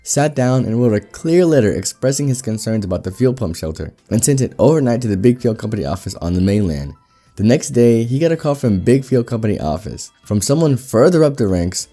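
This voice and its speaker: A man reading an online story aloud in a steady, wry storytelling manner. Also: medium pitch, a little fast, soft background music. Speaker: story narrator.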